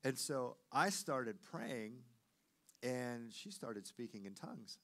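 A man preaching as a pastor, telling a personal story in a lively way and acting out the voices of the people in it. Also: medium pitch, takes it slowly. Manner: animated storyteller, acts out quoted voices. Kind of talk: sermon with storytelling.

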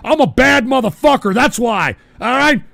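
Gravelly, belligerent high-voiced man ranting. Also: expressive, moderate pace, dry recording. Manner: belligerent, bursts into shouting. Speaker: call-in show host. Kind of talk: profane live-stream rant.

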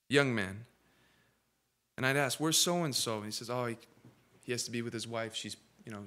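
A male pastor preaching a sermon in a church, moving from hushed asides to loud, emphatic build-ups. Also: mid-range voice. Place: church sanctuary.

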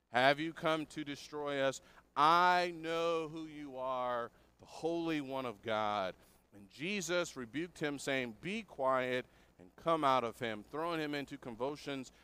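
A man preaches a sermon in a clear, resonant, mid-range voice that's pushed and bright. He earnestly explains a passage verse by verse and puts questions to his listeners.

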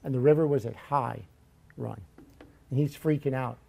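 A man preaching a sermon in a church, telling Bible stories in a lively, joking way. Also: medium pitch, moderate pace, vocal fry.

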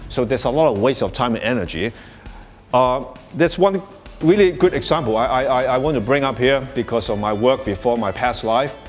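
Guy giving a workshop talk to a room, lots of you know and restarts, laughs a bunch, middle pitch. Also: brisk, faint music behind. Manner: chuckles often while explaining. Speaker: workshop speaker. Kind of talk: live workshop presentation. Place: workshop space before an audience.

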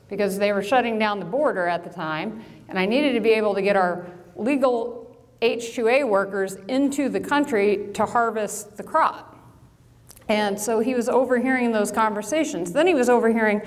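A middle-aged woman from Illinois who runs a farm business, telling a story to an audience with lively acted-out quotes and self-mocking asides. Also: medium pitch. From Illinois, USA. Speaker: farm business owner and speaker. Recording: long hall reverb.

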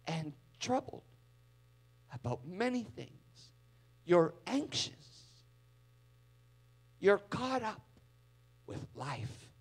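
Casting: a preacher putting on a gentle male teacher, hushed and tender, slow and drawn out, a little distant. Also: sits high, gravelly, husky, heavily acted.

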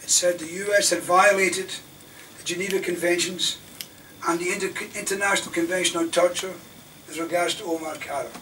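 A man's voice: high-pitched, fairly even intonation, normal speed. Impassioned man lecturing from afar. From Scotland. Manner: rhetorical, indignant, swings between loud emphasis and near-whispers. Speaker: defence lawyer giving a lecture. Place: university lecture hall. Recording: distant mic in a lecture hall, faint room noise.

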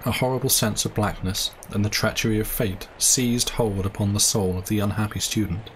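Guy reading an old story out loud, steady and measured, bit of faint hum behind. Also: lowish voice, poor audio. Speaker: audiobook reader. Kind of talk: live reading of a classic story.

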